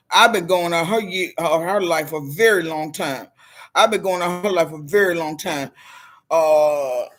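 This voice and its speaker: On a live stream, a middle-aged motivational speaker pours out her story, speaking right to the people watching with sincere, preachy emotion. Her voice is lowish and a bit bright.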